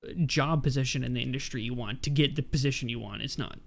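A man's voice: medium pitch, fast talker, vocal fry, a crowd in the background. A man hosting a casual podcast chat, rambling and correcting himself as he jokes around. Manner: rambling, self-correcting, joking. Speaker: podcast host.

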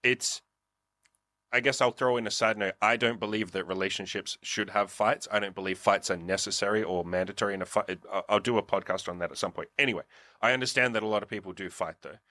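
A man's voice: fairly low pitch, steady tone, fast talker, pushed and bright, no echo. A man giving blunt, profane dating advice in a casual coaching conversation, acting out what others would say. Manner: profane, blunt, acts out quotes.

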